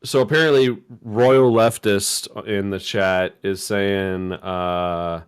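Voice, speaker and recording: A man speaks slowly and haltingly, tripping over words as he reads out chat. His voice is low and smooth. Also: fairly even intonation. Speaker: co-host reading chat. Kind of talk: casual chat.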